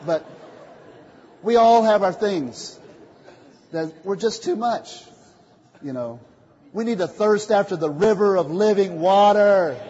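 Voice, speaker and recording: A man preaching a sermon, calling out questions for the congregation to answer and swinging from quiet asides to loud declarations. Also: high-pitched, expressive, a little slow, long pauses. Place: church meeting hall. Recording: muffled, echoey hall recording.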